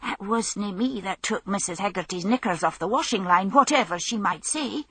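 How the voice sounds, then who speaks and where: A woman's voice: mid-range voice, lively intonation, moderate pace, pushed and bright, slightly rough, dry recording, pitched above the performer's own voice, full character voice. A woman voicing an old Scottish tramp, wheedling and nervous. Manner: wheedling, nervous, dialect speech.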